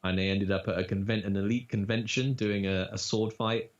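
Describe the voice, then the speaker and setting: A man's voice: fairly low pitch, brisk. Lo-fi chatty voice actor, man. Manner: animated storyteller, breaks into demo voices. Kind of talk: casual interview chat. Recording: dull lo-fi audio.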